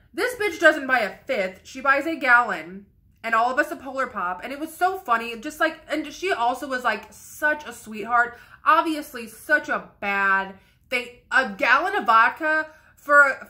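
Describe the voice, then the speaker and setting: A woman's voice: sits high, bright, forceful tone. A young woman vlogger telling a casual, candid story in a rambling way, swearing freely.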